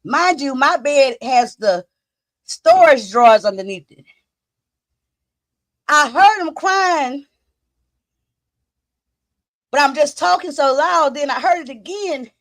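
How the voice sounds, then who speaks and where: A woman hosting a casual live stream, talking straight to her viewers in an excitable, profane way. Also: high voice, slow, pauses often, dry recording, clean studio sound.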